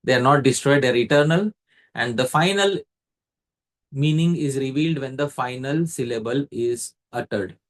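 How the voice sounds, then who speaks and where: A man's voice: medium pitch, normal speed. A man leads a scripture class, explaining step by step and quizzing a student by name. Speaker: facilitator teaching a scripture class. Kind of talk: explanatory lecture.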